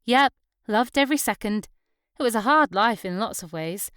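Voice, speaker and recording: A woman's voice: a little high, animated, normal speed, a bit bright, smooth, dry recording, clean studio sound. A woman voicing a small, cheerful young wife who is chatty and teasing, with a Northumbrian accent.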